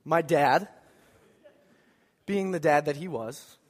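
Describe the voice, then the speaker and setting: Animated male preacher in a reverberant church. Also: fairly high pitch, slow pace. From American Midwest. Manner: animated storytelling, acts out voices, jokes with congregation. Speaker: pastor. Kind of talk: sermon. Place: church sanctuary.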